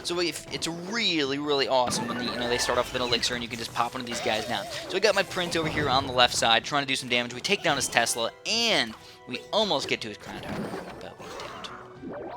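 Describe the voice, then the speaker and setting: Fast-talking excitable man over music. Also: medium pitch. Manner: excitable, with sudden exclamations; rambling, with many fillers. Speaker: gameplay commentator. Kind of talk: casual game commentary. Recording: clear music under the voice. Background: background music.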